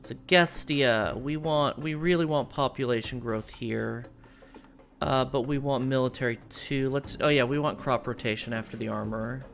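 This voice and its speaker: A woman's voice: extremely low pitch, normal speed, creaky, faint music behind. A woman from the United States streaming a strategy game and chatting casually with her viewers, rambling and full of fillers and restarts. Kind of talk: casual live-stream chat while playing a strategy game.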